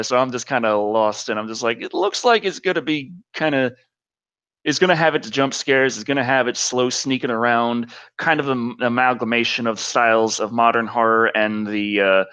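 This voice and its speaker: A man's voice: medium pitch, a bit bright, smooth. A man hosting a live show, chatting casually, rambling and laughing often. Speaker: show host. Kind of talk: casual live-stream chat. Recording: slightly dull lo-fi audio.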